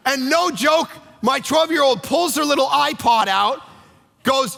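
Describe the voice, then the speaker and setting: A man, a pastor, preaching a sermon with energetic, conversational storytelling in a church auditorium. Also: very high voice, normal speed, gravelly. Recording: echoey church hall.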